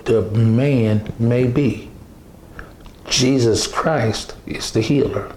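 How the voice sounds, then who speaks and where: Man preaching, gravelly voice, slow emphatic delivery, echoey room. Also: medium pitch, a little mellow, a little hiss or hum. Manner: slow, emphatic, repeats phrases, many restarts. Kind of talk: sermon.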